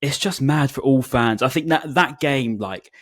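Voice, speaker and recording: Young male co-host, casual and chatty, mid pitch. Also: normal speed, fairly bright tone, no echo, clean studio sound. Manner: chatty, many "like" fillers. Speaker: podcast co-host. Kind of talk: casual football podcast chat.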